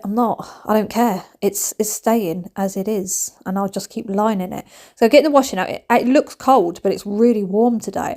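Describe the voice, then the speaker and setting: A woman's voice: mid-range voice, darkish tone. A woman, chatting animatedly in a home cleaning vlog, dropping to whispers and rising to squeals. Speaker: vlogger. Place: family home.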